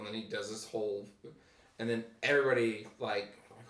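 A man's voice: medium pitch, steady tone, fast talker, fairly bright tone, roomy sound. Rambling man, far from the mic. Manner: rambling retelling with acted-out quotes. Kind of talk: casual chat.

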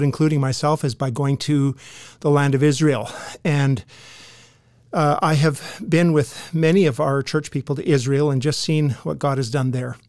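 A man hosts a church podcast, his voice sitting a little high. He talks earnestly with frequent uhs, recorded close and dry. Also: darkish tone, no room sound. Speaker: podcast host and church ministry director. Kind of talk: podcast interview.

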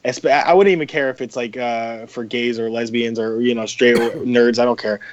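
A man's voice: medium pitch, steady tone, moderate pace, muffled recording. A man, a podcast guest, chatting casually in a rambling, profane way with many fillers. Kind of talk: casual chat.

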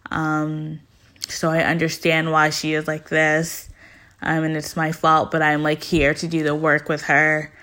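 A woman chatting casually about the latest episodes, her voice sitting a little low for a woman. She tells it like gossip to a friend, jumping into quick impressions of whoever spoke and padding her sentences with "like.". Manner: animated storytelling, acting out quotes with "like" fillers. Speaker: reality TV recap vlogger.

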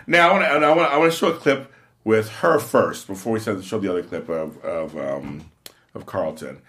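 A man hosting a casual interview, talking quickly and excitably with many restarts. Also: on the low side. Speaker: interview host.

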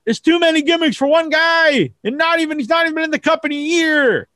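A man hosting a casual wrestling talk show, rambling and profane, acting out kids in squeaky voices. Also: brisk, bright, forceful tone, no echo. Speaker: host.

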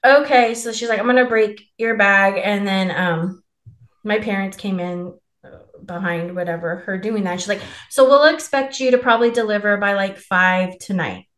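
Young woman, podcast co-host, casual storytelling, blunt and swearing, middle pitch, roomy echo. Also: normal speed, fairly bright tone. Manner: candid and profane, laughing as she tells it.

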